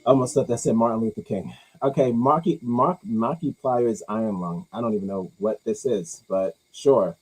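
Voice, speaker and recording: Husky man rambling with crude jokes. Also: normal speed, darkish tone, faint music behind, rough recording. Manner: rambling, crude jokes, mumbled low asides. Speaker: host reacting to movie news. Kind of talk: casual chat.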